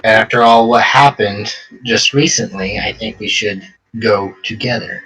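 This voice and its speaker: A man's voice: fairly low pitch, measured pace, creaky, sharp tone, pitched below the performer's own voice, heavily acted. A man voicing an invisible young woman adventurer, whispering urgently and stammering as he speaks. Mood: anxious pleading. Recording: distant mic, faint music.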